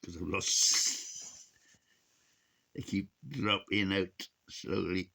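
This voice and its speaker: A man's voice: sits low, steady tone, very slow, vocal fry, pushed and bright. A man in his sixties talks in a rambling, casual vlog monologue, chuckling and cursing, his speech slightly unclear from missing teeth. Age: 60s. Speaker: vlogger.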